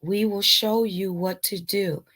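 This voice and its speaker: A woman's voice: mid-range voice, takes it slowly, husky. A woman co-hosting a live online show, chatting casually and playfully as she promotes an event. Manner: playful and lively, breaks into silly rhyming ditties.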